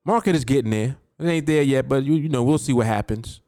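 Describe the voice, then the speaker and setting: A man's voice: medium pitch, a little fast, dark tone, no room sound, studio quality. A man hosting a podcast as a trading coach, talking emphatically, repeating key words and speaking straight to his listener. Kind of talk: motivational podcast talk.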